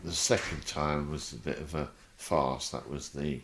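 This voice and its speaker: Against a noisy background, a man with a bass voice speaks unhurriedly as a guest on a podcast. He shares amusing stories from his life, chuckling regularly and telling them with animation.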